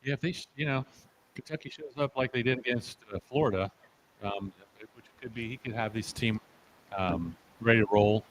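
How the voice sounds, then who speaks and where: A man co-hosting a casual football picks show, soft-spoken and hesitant, trailing off between thoughts. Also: mid-range voice, normal speed, a little hiss or hum, poor audio. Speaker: show co-host. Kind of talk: casual sports betting chat.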